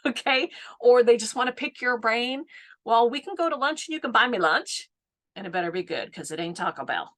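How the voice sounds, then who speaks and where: Woman, 50s, business coach, live-stream talk, bright tense tone, frequent laughs, keeps saying right. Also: on the high side, animated, normal speed. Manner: chatty, laughs often, keeps asking "right?".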